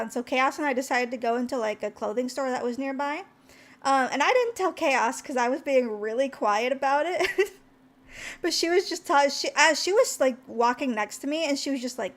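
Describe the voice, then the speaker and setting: A woman's voice: high-pitched, moderate pace, a bit bright. A young woman streamer telling a story casually to her chat, rambling with lots of fillers and laughs. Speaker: VTuber streamer.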